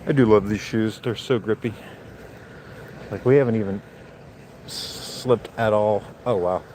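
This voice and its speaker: Male vlogger, lowish voice, rambling live walk outdoors in winter wind, phone mic, faint background noise. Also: a little slow, darkish tone. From Central Florida. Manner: casual, rambling, talks to viewers. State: cold. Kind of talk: live walking vlog. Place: outdoors on a snowy, windy night. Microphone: handheld phone.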